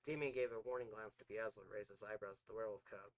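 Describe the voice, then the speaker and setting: A low-voiced man reads his own novel aloud on his podcast. His narration is plain and even, with a few stumbles and self-corrections along the way. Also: fast talker, low-quality recording. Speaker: podcast host and author.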